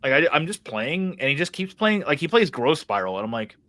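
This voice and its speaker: A man's voice: on the high side, very animated, a little fast, bright, forceful tone. A young man co-hosting a podcast, ranting heatedly and swearing a lot in casual chat. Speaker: podcast co-host.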